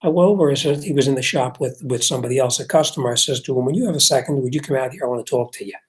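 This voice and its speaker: Older guy, car shop owner rambling through a story, mid-pitch voice, plays out both sides of the argument. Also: very fast. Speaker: car repair shop owner and show host. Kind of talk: casual storytelling chat.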